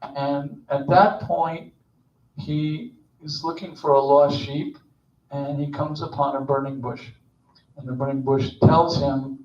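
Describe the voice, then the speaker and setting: A man's voice: fairly high pitch, fairly even intonation, slow pace, a little mellow, a little hiss or hum. Man giving a chatty sermon from far off. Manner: conversational, digressive, joking asides. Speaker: speaker at Shabbat service. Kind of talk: informal sermon. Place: temple sanctuary. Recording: distant, echoey, dull.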